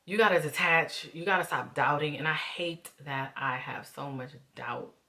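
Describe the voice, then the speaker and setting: Woman vlogger, low but bright voice, chatting open and emotional to y'all. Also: moderate pace. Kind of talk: candid reflective vlog talk.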